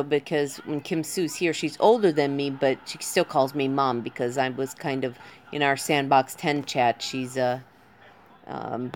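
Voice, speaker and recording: Low-voiced woman chatting with her stream. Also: a little hiss or hum. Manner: addresses viewers by name, gentle and comforting. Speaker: live streamer. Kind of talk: casual live-stream chat with viewers.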